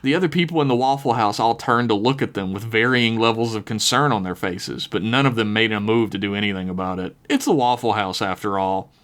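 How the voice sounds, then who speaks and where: A man's voice: fairly low pitch, brisk, few pauses, fairly bright tone. A man hosting a podcast, narrating an improvised horror story with casual, wry asides. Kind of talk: improvised spoken-word fiction narration.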